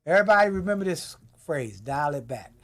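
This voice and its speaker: A middle-aged man telling a marriage story in a loud, playful way, laughing often. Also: a little high, expressive, fairly quick. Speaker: guest author and speaker. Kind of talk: animated storytelling.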